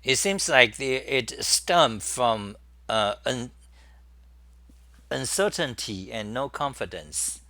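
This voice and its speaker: A man's voice: mid-range voice, lively intonation, slow, sharp tone, no room sound. A man hosting his own talk show in a casual, rambling monologue, full of fillers and restarts.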